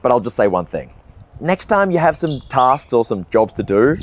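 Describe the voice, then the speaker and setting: A man's voice: mid-range voice, big pitch swings, normal speed, a little hiss or hum. A young man talking earnestly and casually to the camera, reflecting in a vlog monologue. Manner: earnest, conversational, casual swearing. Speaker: video essayist.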